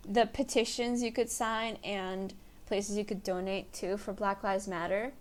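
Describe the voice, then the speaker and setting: Young woman rambling through a solo podcast. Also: a little high. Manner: rambling, chatty, self-deprecating. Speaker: podcast host. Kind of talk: casual solo podcast chat.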